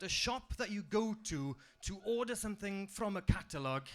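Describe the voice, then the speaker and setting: A man's voice: sits high, animated, moderate pace, fairly bright tone. A young man with a strong Welsh accent performing a stand-up comedy set on a club stage, delivering punchlines dryly. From Wales.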